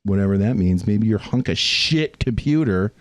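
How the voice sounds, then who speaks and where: Teasing swearing man, lively voice. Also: on the low side, normal speed, no echo. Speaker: podcast co-host. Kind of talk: casual chat.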